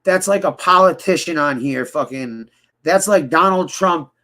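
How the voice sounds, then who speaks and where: Speaking at a measured pace with a fairly high pitch and a sharp tone, this man rambles heatedly through a casual interview. He's profane, imitates others when quoting them, and his talk is full of fillers and false starts.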